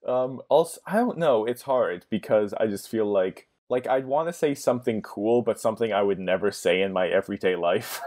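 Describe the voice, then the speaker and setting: A man's voice: lowish voice, moderate pace, darkish tone. A man chatting casually as a guest on a podcast, often laughing at his own ideas.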